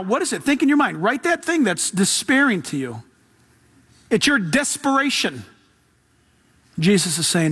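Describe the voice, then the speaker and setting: High-voiced man preaching a lively sermon. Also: normal speed, breathy edge. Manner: casual, animated preaching with slang and laughs. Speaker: pastor.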